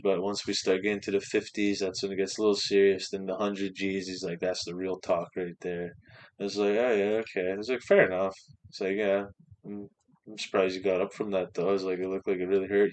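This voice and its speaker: Young male podcast guest, low-pitched, animated profane storyteller. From Canada. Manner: swearing, animated anecdote with quoted voices. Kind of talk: casual storytelling.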